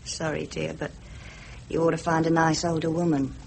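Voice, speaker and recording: An actress playing a brisk, worldly prostitute with a blunt, mocking, businesslike manner, in 1950s radio drama style. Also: female voice, sits low, flat delivery, creaky, darkish tone, slight background noise, low-quality recording. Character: brisk worldly London prostitute, middle-aged woman.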